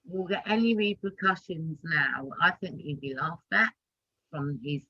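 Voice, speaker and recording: A man talking in an animated, emphatic way in a casual discussion, often restarting his sentences. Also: fairly high pitch, measured pace, husky, no room sound. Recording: dry, dull lo-fi audio.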